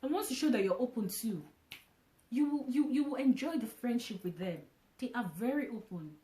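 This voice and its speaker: A woman vlogging casually to camera, from Nigeria, who talks in an animated way, repeating phrases and restarting often. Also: on the high side, normal speed, reverberant.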